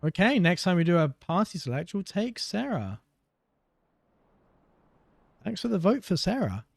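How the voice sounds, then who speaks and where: A man's voice: high-pitched, sing-song, measured pace, vocal fry, breathy edge, no echo. A man casually commenting as he plays a game, with wry, offhand asides. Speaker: gaming streamer.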